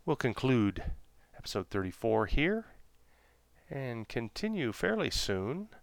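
A man reading a serialized children's story aloud in a gentle, unhurried storytelling manner. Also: mid-range voice, sing-song, creaky, no echo. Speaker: narrator.

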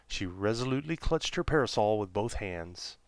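A man reading a serialized children's story aloud in a gentle, unhurried storytelling manner. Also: lowish voice, lively intonation, smooth, no echo. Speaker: narrator.

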